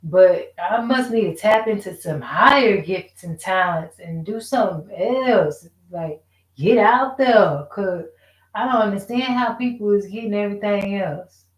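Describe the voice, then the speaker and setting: A woman's voice: medium pitch, measured pace. A woman venting in a casual, rambling rant, frustrated and profane, full of rhetorical questions. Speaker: vlogger. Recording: echoey room.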